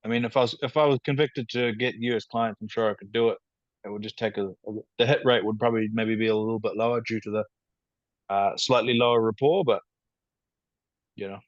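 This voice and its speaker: A man with a New Zealand accent answers questions on a podcast in a low, even, matter-of-fact voice. His audio comes through a video call, dry and a little dull. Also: no room sound. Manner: measured, matter-of-fact, calls himself rational. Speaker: podcast guest. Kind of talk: casual podcast interview.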